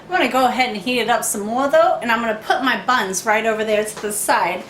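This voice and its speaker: A woman's voice: a little high, fast, a bit bright, reverberant, a little hiss or hum, natural voice. A woman doing a bubbly Harley Quinn. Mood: playful. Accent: put-on Harley Quinn Brooklyn-style accent.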